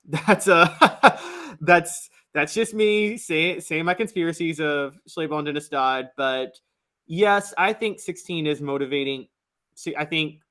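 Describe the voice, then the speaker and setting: Sports talk co-host guy, bit high voice, jokey and opinionated. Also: fairly bright tone. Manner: opinionated, joking.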